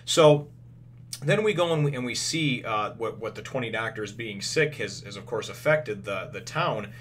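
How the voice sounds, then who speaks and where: A man's voice: lowish voice, lively intonation, normal speed, a bit bright, slight background noise. A man casually recapping a comic chapter, rambling with many fillers and restarts. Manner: acts out characters' quotes in retelling. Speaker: manga reviewer.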